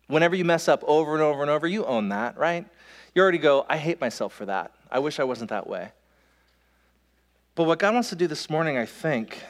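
A man preaching a sermon as pastor, in a conversational way, with quick asides and restarts. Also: on the high side. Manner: conversational, self-interrupting, with quick asides and laughs. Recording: long hall reverb.

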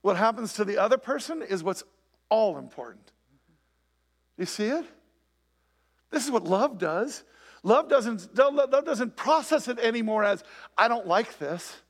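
A man's voice: sits high, lively intonation, a little slow, pauses often. A man preaching a sermon to a live congregation, talking conversationally and asking many rhetorical questions. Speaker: pastor. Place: church, before a live congregation.

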